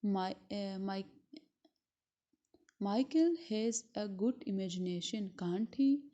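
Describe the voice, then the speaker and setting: Slow, patient woman teacher, dull recording. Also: medium pitch, lively intonation, mellow. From Pakistan. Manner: slow and deliberate, repeats words syllable by syllable. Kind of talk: recorded classroom lesson.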